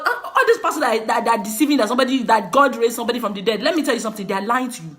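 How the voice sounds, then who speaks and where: Nigerian woman vlogger, bright, animated voice, emphatic scolding rant with laughter. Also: a little high, racing, hardly any pauses. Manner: emphatic and scolding, laughing through her words. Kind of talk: passionate direct-to-camera rant.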